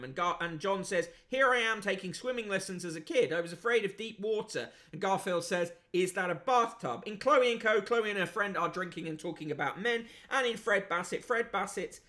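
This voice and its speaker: A man's voice: high voice, fairly quick, few pauses, sharp tone. A man hosting a newspaper review show, reading items aloud with sardonic, sweary asides and frequent fillers. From United Kingdom. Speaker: host.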